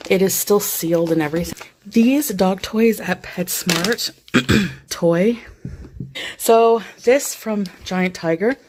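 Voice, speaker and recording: A breathless, slightly wheezy woman rambles through a casual vlog, piling on fillers and asides. Her voice sits at an ordinary middle pitch. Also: a little mellow. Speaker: vlogger. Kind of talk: casual show-and-tell vlog.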